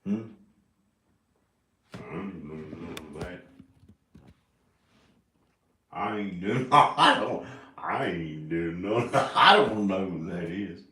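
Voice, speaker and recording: Guy vlogging by himself, slow rambling mutter, roomy echo. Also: sits low, animated, bright, forceful tone, slight background noise. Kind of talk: rambling solo vlog. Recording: echoey room.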